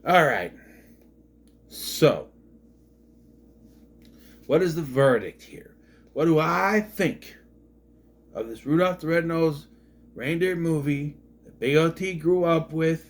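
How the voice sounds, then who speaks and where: A man's voice: fairly high pitch, expressive, slow pace, pauses often. A man, a father, reviewing a movie in a rambling, sarcastic, casual monologue, often repeating himself.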